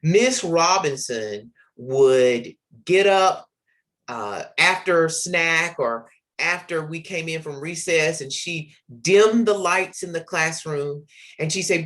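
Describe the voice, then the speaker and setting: A man's voice: fairly high pitch, takes it slowly, a bit bright. A man in his forties, hosting a literacy podcast, earnestly tells personal stories with the odd filler word. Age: 40s. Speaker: podcast host, literacy educator. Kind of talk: reflective personal storytelling.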